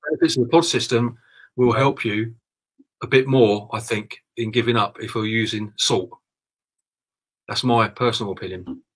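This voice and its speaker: A man's voice: medium pitch, moderate pace, pauses often, husky, low-quality recording. A British man co-hosting a casual livestream, agreeing and restarting his sentences often. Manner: hesitant, lots of "I, I" restarts, laughs along. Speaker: livestream co-host.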